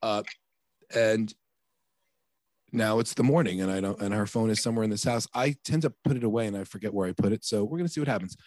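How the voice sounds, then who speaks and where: A man in his thirties or forties co-hosts a podcast, his lowish voice moving at a quick pace as he tells a family story in casual chat. He's animated and exasperated, acting out the quoted dialogue. The recording is dry and studio quality.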